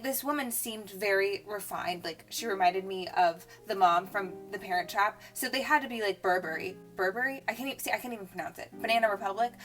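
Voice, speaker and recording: A young adult woman vlogging, casually retelling a story with lots of "like" fillers. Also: fairly high pitch. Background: faint music.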